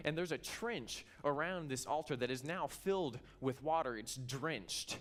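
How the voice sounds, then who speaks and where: Delivering a church sermon, a pastor from Kansas brings a scripture story to life, voicing its characters with animated flair. He speaks in a higher-leaning male voice at a measured pace, with hardly any pauses.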